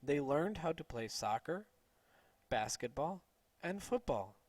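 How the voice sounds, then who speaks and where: A man reading a children's story aloud slowly and clearly for English learners. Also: fairly high pitch, no room sound. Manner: slow, clear, expressive.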